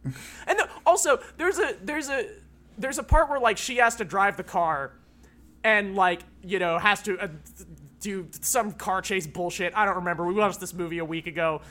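A man's voice: high-pitched, normal speed, pushed and bright. A man co-hosting a podcast in casual chat, rambling with lots of filler words and casual swearing. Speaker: podcast co-host.

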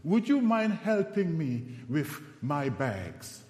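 A man's voice: on the high side, big pitch swings, slow. Man putting on a flirtatious woman shopper. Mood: seductive. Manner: loud calling out, then sultry. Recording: echoey hall reverb.

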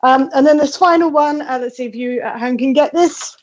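A young woman talks through a comic show-and-tell over a video call from her front room, a little high in pitch. She is chatty and self-mocking, full of ums and restarts. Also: a little fast. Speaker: comedian guest. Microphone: video call from home.

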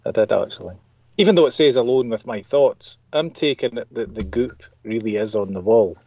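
A man's voice: on the low side, lively intonation, fairly quick, vocal fry, darkish tone, husky, no room sound, muffled recording. A man chatting casually about a comic he loves, enthusiastic and a bit sweary, acting out the lines he quotes. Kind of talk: casual podcast chat.

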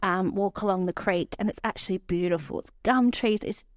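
A woman, preaching a sermon and telling stories with animated quoted voices. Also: mid-range voice, a little fast, no room sound, clean studio sound.

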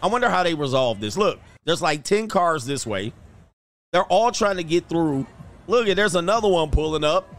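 A man's voice: on the high side, expressive, normal speed, a bit bright. A man hosting a casual livestream, joking and laughing as he reads out viewer comments. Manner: joking, laughs often, slangy. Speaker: show host.

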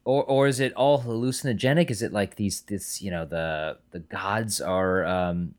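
A man's voice: lowish voice, moderate pace. A man co-hosting a podcast, thinking aloud about a film with lots of fillers and repeated words. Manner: musing, hesitant, many fillers and repeats. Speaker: podcast co-host. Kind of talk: casual film review chat.

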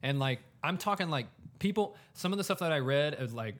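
A man's voice: on the high side, lively intonation, fairly quick. A man in casual conversation about a Bible passage, thinking aloud and leaning on "like" as he talks. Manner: thinks aloud, heavy use of "like". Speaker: podcast co-host discussing scripture. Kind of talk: casual chat.

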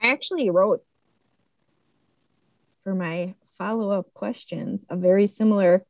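A woman in casual conversation about a movie, animated, jumping into high-pitched voices when she quotes characters. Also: a little slow, no room sound.

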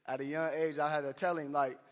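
A man's voice: on the high side, level tone, quick pace, in a large hall. A man preaching a sermon to men in a church, impassioned and conversational, with slangy asides. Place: church hall.

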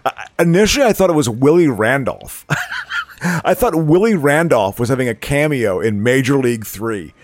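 Animated man rambling about movies. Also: medium pitch, normal speed, dry recording. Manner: rambling, animated, laughs often. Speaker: podcast co-host. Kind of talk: casual movie commentary.

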